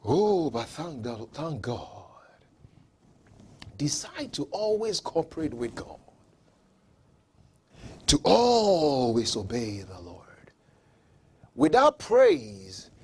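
A man preaching a sermon who acts out mocking onlookers and builds up to fervent shouting. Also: mid-range voice, big pitch swings, takes it slowly, long pauses, slightly rough.

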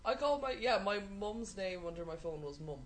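A woman's voice: mid-range voice, expressive, moderate pace, a little hiss or hum. A young woman chatting as a guest, throwing in dry, cheeky quips. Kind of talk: casual chat.

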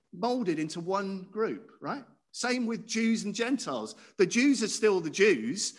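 A man preaching a sermon in a conversational way, often asking his listeners questions. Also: high voice. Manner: conversational, asks the audience questions.

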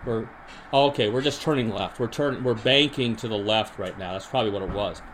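A man hosting a podcast, deadpan and rambling with many restarts, in an improvised comedy monologue and mock interview. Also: fairly low pitch, a little fast, slight background noise. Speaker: podcast host.

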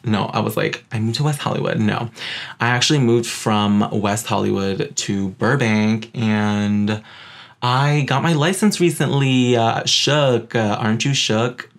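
Young guy from queens doing his podcast, sassy and animated, kinda low and gravelly. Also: a little slow. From Queens, New York. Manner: sassy, animated, says "girl" a lot. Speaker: podcast host. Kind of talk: casual chat.

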